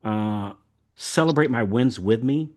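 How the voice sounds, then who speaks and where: Unhurried and medium-pitched, an older man from the American South hosts a podcast in relaxed, folksy conversation. He rambles and tends to repeat words as he goes.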